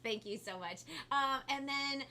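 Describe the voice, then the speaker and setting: A bubbly, fast-talking woman with a Californian Valley girl lilt hosts a children's live stream. Her voice is bright and forward. A faint hiss of background noise sits under the recording. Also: high-pitched. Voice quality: talks a lot and fast, bubbly. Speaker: kids' show host.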